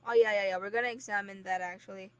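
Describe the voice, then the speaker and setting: A woman's voice: mid-range voice, fairly even intonation, quick pace. A woman streaming a game, chatting casually and laughing often. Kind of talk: casual let's-play chat. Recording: faint background noise, lo-fi stream mic.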